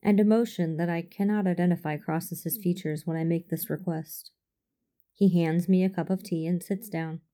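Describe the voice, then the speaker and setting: A woman reading a first-person fan fiction story aloud in a measured, formal, restrained manner. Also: on the low side, fairly even intonation, mellow. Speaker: audiobook reader.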